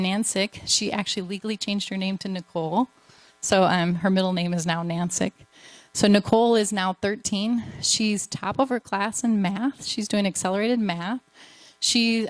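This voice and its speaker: A woman's voice: mid-range voice, no echo. A woman missionary giving an earnest, emotional testimony to a church. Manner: earnest storytelling, emotional at times.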